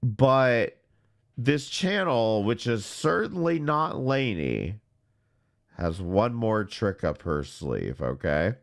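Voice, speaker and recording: A man hosts a casual commentary show and delivers his remarks slowly and sarcastically. His voice sits low, but it rises and falls a great deal. The whole delivery stays dry and deadpan. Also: vocal fry. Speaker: commentary channel host.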